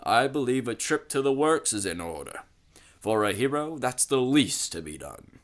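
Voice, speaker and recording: A man voicing a stately, kindly male railway controller who speaks in a measured, authoritative way. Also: mid-range voice, very animated, natural voice.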